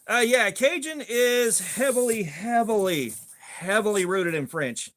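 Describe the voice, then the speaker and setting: A man's voice: high voice, lively intonation, measured pace, a bit bright, a little hiss or hum. A middle-aged man hosting a casual livestream chat, rambling and swearing freely with a lot of filler. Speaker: host.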